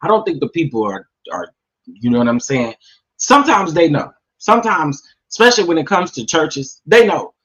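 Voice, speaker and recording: A man doing casual gossip commentary, sassy and animated, talking straight to his viewers. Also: a little high, normal speed. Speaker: commentary vlogger.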